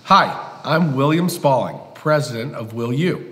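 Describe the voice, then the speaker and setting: A man's voice: medium pitch, lively intonation, measured pace. A man playing a goofy, self-important college president, reading comedy cue cards and breaking into laughs between takes. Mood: deadpan. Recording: echoey hall with loud background noise.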